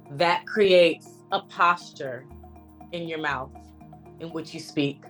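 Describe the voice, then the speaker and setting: A woman, a dialect coach, explaining her work in an interview. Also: deep voice. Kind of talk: interview answers.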